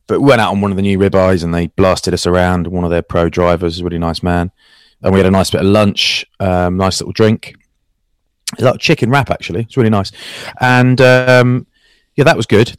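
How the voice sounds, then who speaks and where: Male co-host, low-pitched, teasing banter, close dry mic. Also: no room sound. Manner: teasing, chatty, animated storyteller. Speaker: co-host, rugby commentator. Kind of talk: casual podcast banter.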